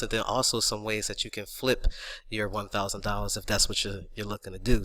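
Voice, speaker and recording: A man's voice: mid-range voice, sharp tone. A man co-hosting a podcast in a loose, casual way, with many fillers and restarts. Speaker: podcast co-host.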